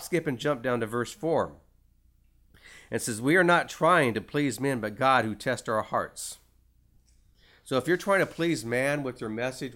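A man's voice: medium pitch, fairly bright tone. A man preaching a conversational sermon in an earnest, folksy way, with frequent filler words. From United States. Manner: folksy, many "you know" fillers, earnest.

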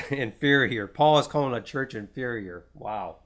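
A man's voice: medium pitch, lively intonation, a little slow, fairly bright tone. A man preaching an informal Bible teaching, rambling, repeating words and restarting his sentences.

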